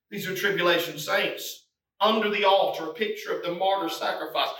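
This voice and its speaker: A man preaching a sermon, swinging from hushed, low passages to shouted, climbing appeals. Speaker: pastor. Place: church sanctuary. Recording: echoey room, mic from a distance.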